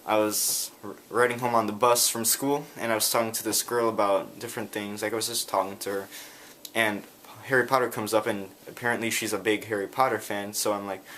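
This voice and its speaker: A man telling a rambling story in a casual vlog, talking in quick bursts. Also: lowish voice, level tone, a bit bright, slight background noise. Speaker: vlogger.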